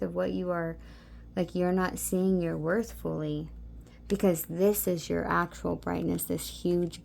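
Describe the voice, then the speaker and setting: A woman giving a soft, meandering spiritual card reading, talking intimately to her listeners with many fillers. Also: fairly low pitch, creaky, a little hiss or hum. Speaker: tarot card reader.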